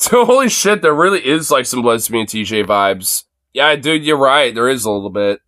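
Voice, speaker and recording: A man's voice: medium pitch, animated, moderate pace, pushed and bright. A man hosting a livestream, reacting to videos in casual, profane commentary, laughing often and mocking.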